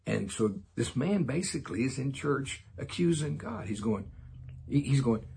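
A man giving informal Bible teaching in a folksy, excitable way, with jokey asides and chuckles. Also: mid-range voice, normal speed, vocal fry, a little hiss or hum.

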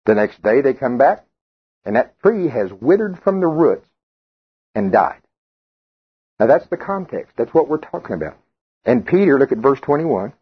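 Husky-voiced preacher, muffled recording. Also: male voice, mid-range voice. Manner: reads scripture in King James wording, then explains it conversationally; jokes with the congregation and calls on people by name. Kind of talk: sermon.

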